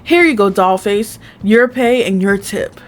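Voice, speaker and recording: A woman voicing a gruff, flirty tall man who talks bluntly with a drawl and tries out an accent. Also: medium pitch, unhurried, soft background music, lightly acted.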